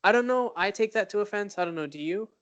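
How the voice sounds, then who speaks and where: A man's voice: high voice, lively intonation, fast, fairly bright tone, smooth, dull audio. A man co-hosting a podcast in casual chat, rambling and hesitant with many fillers. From Arab background. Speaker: podcast co-host.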